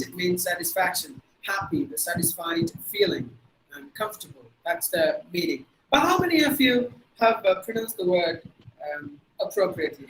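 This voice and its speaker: A man's voice: high-pitched, fairly bright tone, poor audio. A man with a Tamil accent teaching pronunciation in an online webinar, spelling words out letter by letter and repeating them. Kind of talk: online lecture. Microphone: video call.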